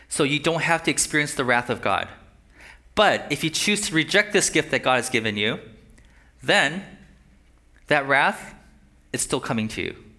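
A man delivers a sermon in a fairly high voice. His tone is bright and tense. He speaks conversationally and keeps checking in with his listeners. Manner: conversational, checks in with rhetorical questions. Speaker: pastor.

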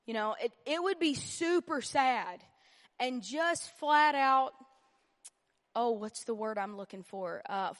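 A woman's voice: sits high, big-room sound. Earnest woman teaching a church lesson. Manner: earnest and emphatic, repeats key phrases; conversational with humorous asides. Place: church meeting room.

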